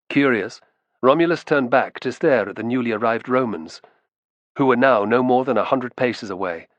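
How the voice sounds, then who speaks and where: A man narrating a historical novel in an expressive storytelling style. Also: mid-range voice, dry recording, highs cut off. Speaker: audiobook narrator. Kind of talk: scripted narration.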